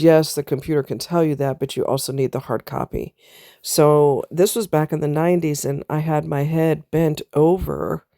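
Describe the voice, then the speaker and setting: A woman's voice: low-pitched, gravelly, dark tone, no room sound, clean studio sound. A middle-aged woman telling a personal story in a candid, casual vlog, speaking straight to her viewers. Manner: candid, talks straight to viewers with southern US slang. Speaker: vlogger.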